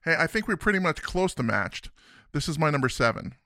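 A man's voice: a little high, big pitch swings, fairly quick, pushed and bright. A man co-hosting a podcast, chatting eagerly about music and laughing often. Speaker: podcast co-host. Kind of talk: casual music discussion.

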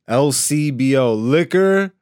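A man hosting a casual comedy podcast, joking and quick to laugh. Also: medium pitch, lively intonation, a little mellow, smooth, no room sound, clean studio sound. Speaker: podcast host. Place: studio.

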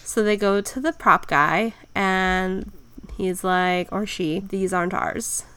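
A woman's voice: mid-range voice, slow, pushed and bright, clear, resonant tone, dry recording. A woman co-hosting a podcast, easygoing and agreeable as she tells a ghost story. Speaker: podcast co-host. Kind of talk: casual chat.

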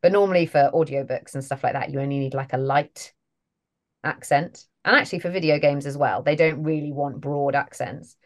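Low-voiced British woman, chatty. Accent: British English. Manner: chatty, self-deprecating, quick to laugh. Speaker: voice and mocap actor guest. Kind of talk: casual interview chat.

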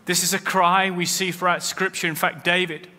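A man's voice: high voice, level tone, normal speed, pushed and bright. A man preaching a sermon as pastor, with rising emphasis as he quotes scripture. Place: church. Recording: long hall reverb.

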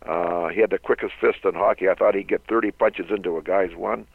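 A low, gravelly voice of an older man from Canada, spinning loose, rambling stories from his playing days and chuckling at his own tales. The sound comes through a thin, tinny phone line with a dry, close feel. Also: steady tone, a little fast, dry recording. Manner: rambling anecdotal storyteller who laughs often. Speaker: guest, former hockey player. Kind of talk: storytelling interview.

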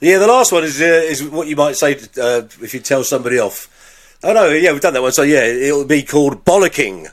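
A man's voice: a little high, animated, fairly quick. An English man co-hosting a podcast, explaining slang hesitantly with many restarts. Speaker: podcast co-host. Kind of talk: casual explaining.

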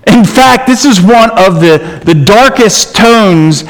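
A man preaching a sermon, reading scripture aloud and explaining it with emphatic, animated delivery. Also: high voice, takes it slowly. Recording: long reverb in a large hall.

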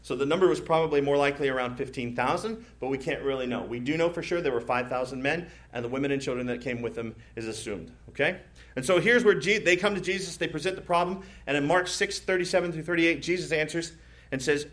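A male pastor preaching a sermon in a conversational, playful way, with frequent asides, rhetorical questions and quick shifts into imagined voices. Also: fairly high pitch, animated, fairly bright tone. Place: church stage.

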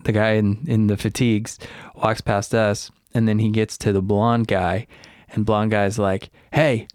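A man in casual chat, telling a long story with lots of fillers and restarts and loudly acting out the people in it. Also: fairly low pitch, little pitch movement, unhurried, clean tone, dry recording, clean studio sound. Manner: acts out quoted people loudly.

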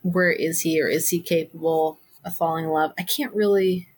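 A woman's voice: low voice, steady tone, normal speed, husky, dry recording. A woman co-hosting a casual chat, chatty and hedging, often laughing. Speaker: podcast co-host. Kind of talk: casual chat about fan fiction.

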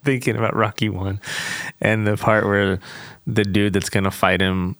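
Gravelly low-voiced man chatting. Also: little pitch movement, moderate pace, fairly bright tone, no room sound. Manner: laughs easily, loose rambling talk. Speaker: podcast co-host. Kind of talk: casual chat.

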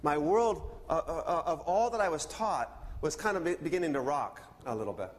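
A man preaching a sermon, telling a personal story in an animated way and acting out the dialogue. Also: a little high, fairly quick, long reverb tail. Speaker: pastor.

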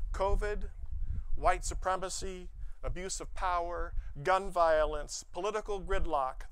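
Bright high-voiced male preacher. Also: smooth, no echo. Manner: expressive preaching with playful asides. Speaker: pastor. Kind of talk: sermon. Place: church sanctuary.

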